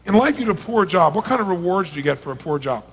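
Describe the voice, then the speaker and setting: Male motivational speaker, middle-aged, high voice, emphatic stage delivery, big reverberant hall. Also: lively intonation, quick pace, slight background noise. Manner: emphatic, swings from hushed to shouting. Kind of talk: live seminar talk to an audience. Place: large event hall. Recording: long reverb of a large hall.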